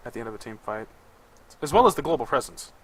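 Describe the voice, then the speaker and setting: A man's voice: mid-range voice, very animated, fast, low-quality recording. A man co-commentating an esports draft, analytical and a bit hesitant, thinking aloud as he talks. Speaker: co-caster.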